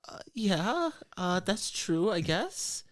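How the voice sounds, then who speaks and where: Insecure young female contestant, whiny and needy, lively pitch, played by the game master. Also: slow, no room sound, clean studio sound. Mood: anxious, eager.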